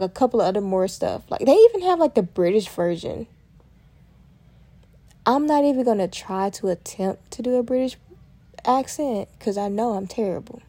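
A woman hosting a casual solo podcast, talking in a chatty, lively way and addressing listeners as y'all. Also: mid-range voice. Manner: chatty, lively, uses y'all and Southern phrasing. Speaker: podcast host.

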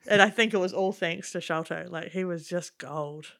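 A woman's voice: fairly low pitch, normal speed, gravelly, a bit bright. A woman co-hosting a podcast, chatty and enthusiastic in casual film talk. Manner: chatty, enthusiastic, lots of fillers. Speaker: podcast co-host. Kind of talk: casual chat.

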